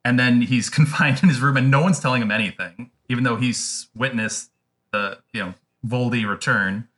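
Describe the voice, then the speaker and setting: A man's voice: mid-range voice, moderate pace, fairly bright tone. A man guesting on a casual podcast, thoughtful and explaining things at length.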